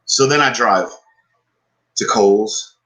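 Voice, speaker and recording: A man's voice: lowish voice, takes it slowly, a little hiss or hum, poor audio. A man, podcast co-host, telling a story in casual chat, swearing often and ranting with frustration. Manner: profane, animated, frustrated ranting.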